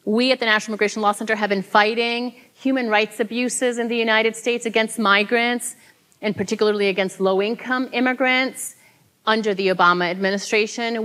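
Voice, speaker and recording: A woman's voice: on the high side, a bit bright. A woman giving a conference keynote speech, earnest and emphatic, telling people's stories with now and then a laughing aside. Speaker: keynote speaker. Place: conference hall.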